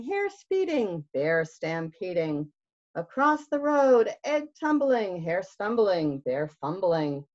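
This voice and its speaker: A woman librarian reads a picture book aloud to young children in a sing-song, expressive way, gasping and asking them questions. She takes her time, and her pitch rises and falls widely. The audio sounds dull and lo-fi, like a video call.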